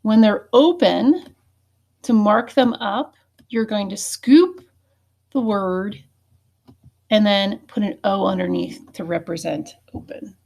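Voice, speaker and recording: Slow patient lady teaching phonics, bit of a gravelly fry. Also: medium pitch, darkish tone. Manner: patient, checking in with frequent "okay?" and "right?". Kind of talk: phonics lesson for young students.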